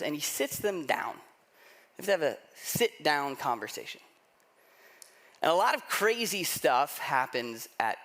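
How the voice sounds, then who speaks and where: A man preaching a sermon, telling a story in a lively, conversational way and acting out the people he quotes. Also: a little high. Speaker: pastor.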